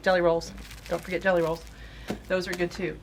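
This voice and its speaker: A woman's voice: on the low side, level tone, fairly quick, a little hiss or hum. A woman hosting a casual product showcase in a fabric shop, chatty and gushing with enthusiasm. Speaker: quilt shop host.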